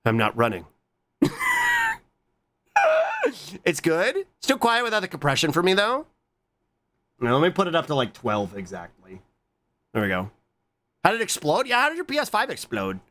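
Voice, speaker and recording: A man streaming and chatting casually with his viewers, excitable and swearing often. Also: normal speed, long pauses. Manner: excitable, swears a lot, jumps to squeaky high greetings.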